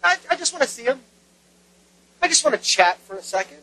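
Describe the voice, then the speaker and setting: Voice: high-pitched, big pitch swings, a little fast, sharp tone, pitched above the performer's own voice, heavily acted, rough recording. A pastor voicing a proud, isolated king who feigns friendliness before ordering killings. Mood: falsely casual. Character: proud, paranoid, vengeful king.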